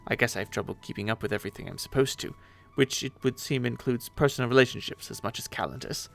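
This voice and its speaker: A man's voice: medium pitch, fast talker, vocal fry, a bit bright, faint music behind, pitched below the performer's own voice. A man voicing a clueless young male adventurer who rambles in a folksy, self-absorbed way, in a webcomic read aloud with voices. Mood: apologetic.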